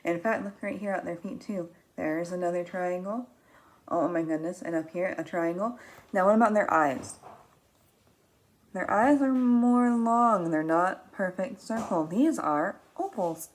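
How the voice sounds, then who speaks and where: A woman teaching young children, reading a picture book aloud in an animated, expressive way, gasping and asking them questions. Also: lowish voice. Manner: animated and expressive, with frequent gasps and drawn-out words.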